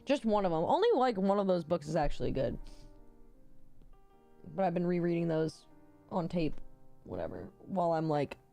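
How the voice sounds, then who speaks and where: A woman hosting a casual livestream, talking bluntly with lots of swearing and quick reactions. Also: fairly low pitch, sing-song, creaky, mellow, soft background music. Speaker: livestream host.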